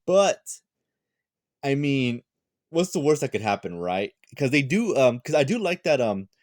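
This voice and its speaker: A tired young man reviewing a manga chapter in a casual, rambling chat, full of fillers and quick restarts. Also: medium pitch, sing-song, a little mellow, dry recording, studio quality.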